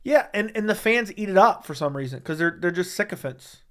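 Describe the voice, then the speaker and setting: Young man, livestream host, curt and profane with chat, slightly high voice. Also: animated, fairly quick, fairly bright tone. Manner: blunt, profane, dismissive banter.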